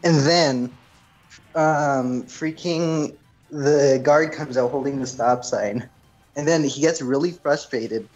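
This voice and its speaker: A man's voice: medium pitch, takes it slowly, darkish tone, lo-fi sound. Young man, casual storyteller, rambling delivery, light game music underneath. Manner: rambling storyteller, leans on "freaking". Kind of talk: casual chat.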